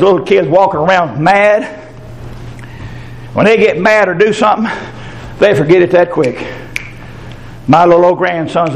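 An older man preaching a fervent sermon, dropping into low asides and then rising into high, shouted passages. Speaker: pastor.

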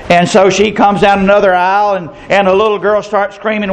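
A man preaches a sermon with a folksy, storytelling manner. His voice sits high for a man, and he slips into the voices of the people in his anecdotes. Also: little pitch movement, fairly quick, few pauses, low-quality recording. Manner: folksy, storytelling, acts out characters in stories.

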